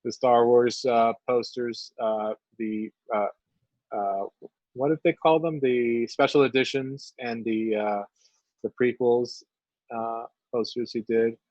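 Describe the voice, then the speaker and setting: A man's voice: medium pitch, fairly even intonation, a little mellow, no echo, lo-fi sound. Guy chatting on a painting stream, lots of uhs, dry close sound. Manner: halting, many uhs, joking. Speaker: co-host of a live painting stream. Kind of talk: casual chat while painting.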